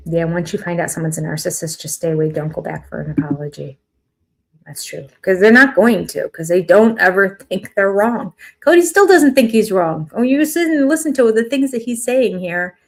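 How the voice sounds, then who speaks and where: A woman's voice: mid-range voice, animated, moderate pace, gravelly. Older lady live-streaming her tv takes, chatty and opinionated, acts out little quotes. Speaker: host of a live reality TV review chat. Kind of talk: casual live-stream commentary.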